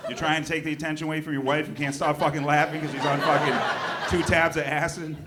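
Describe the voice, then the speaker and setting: A stand-up comedian from New Hampshire performs on a comedy club stage with a handheld mic, speaking quickly in a slightly high voice. He delivers deadpan one-liners and now and then bursts out loudly at the audience. The live recording carries crowd noise and laughter.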